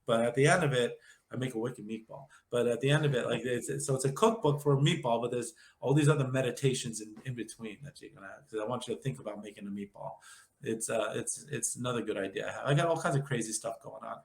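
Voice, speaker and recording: Guest: quick, nasal New York man in his fifties, jokey rambler, roomy echoey sound. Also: medium pitch, creaky. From Long Island, New York. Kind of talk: casual interview chat.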